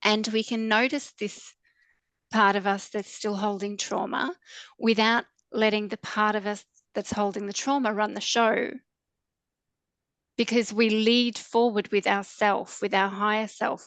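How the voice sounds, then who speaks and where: A woman trauma coach explaining in a calm, gentle, reassuring way as a podcast guest. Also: medium pitch, unhurried, dry recording.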